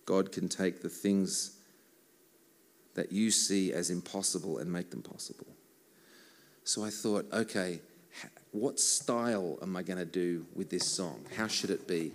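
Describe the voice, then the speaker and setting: An Australian worship musician jokes self-mockingly between songs at a church service, in casual stage banter. His voice is low and unhurried.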